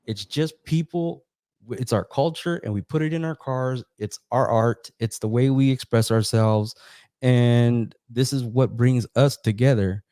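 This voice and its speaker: A man's voice: medium pitch, measured pace, mellow, no echo, studio quality. A man hosting a podcast, speaking earnestly in casual conversation. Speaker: podcast host. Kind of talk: casual chat.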